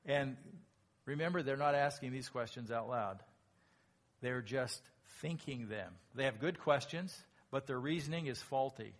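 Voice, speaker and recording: A man preaching a sermon as pastor, lively and emphatic, acting out quoted lines in a raised voice. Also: medium pitch, unhurried.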